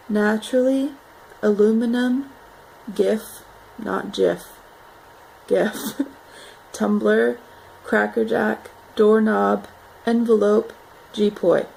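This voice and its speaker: A young woman talks slowly and loosely, filling gaps with "like" and "um". Her voice is a little high but dark and mellow, with a gravelly fry at the ends of phrases. A faint hiss sits under the home recording. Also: rough recording. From North Carolina. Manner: relaxed, rambling, says "like" and "um" often. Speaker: vlogger. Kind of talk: casual accent challenge vlog.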